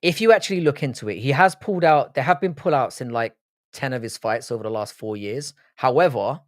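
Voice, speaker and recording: A British-raised man with Irish roots and an English accent hosts a laid-back livestream, bluntly and profanely answering the comments he reads out. His voice is medium-pitched, and the recording is dry and studio quality.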